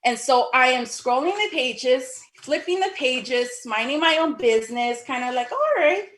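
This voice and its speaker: In a relaxed, lively retelling of her own experience, a woman voices the dialogue and bursts into sudden high exclamations. Her pace is moderate.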